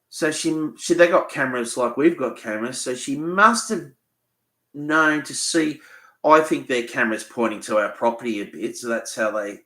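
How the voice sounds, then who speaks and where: A man's voice: medium pitch, bright, forceful tone, echoey room. An Australian man hosting a live Q&A, rambling and swearing as he tells a story bluntly. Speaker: fishing channel host. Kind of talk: live Q&A chat.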